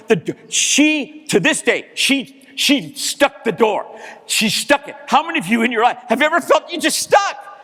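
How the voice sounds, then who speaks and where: A male keynote speaker in a large hall, with a fairly high voice that swoops widely as he acts out dialogue. He runs a motivational story and bursts into shouts now and then. Long reverb from the venue trails every line. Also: sing-song, moderate pace. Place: large hall, live audience.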